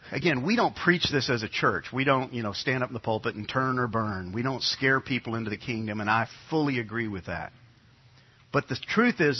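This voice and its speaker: Middle-aged pastor guy from new york preaching, kinda husky, dull lo-fi recording. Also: medium pitch. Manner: conversational preaching, repeats key phrases. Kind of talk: sermon. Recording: dull lo-fi sound.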